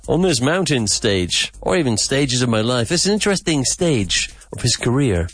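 Man teaching vocabulary, lively pitch. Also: husky, faint music behind. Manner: slow, emphatic repetition of words. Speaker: English teacher and podcast host. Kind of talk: podcast vocabulary lesson.

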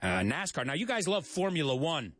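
A man's voice: fairly high pitch, very animated, a little fast, fairly bright tone, no echo, studio quality. A man from the United States hosting a casual English lesson, joking and spelling out words for learners. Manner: chatty, jokey, repeats and spells out words. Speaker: English teacher and show host.

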